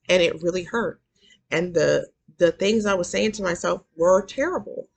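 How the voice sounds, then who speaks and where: A woman's voice: fairly low pitch, vocal fry, fairly bright tone, breathy edge. A woman giving a candid, confessional motivational talk as an intuitive card reader and self-love coach. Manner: candid and confessional, growing emphatic.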